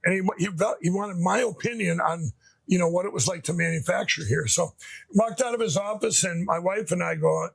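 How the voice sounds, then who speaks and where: A man's voice: sits high, normal speed, vocal fry, husky, no room sound. A middle-aged man telling his personal story in an interview, rambling with frequent restarts and emotional asides. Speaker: interview guest. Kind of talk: conversational storytelling.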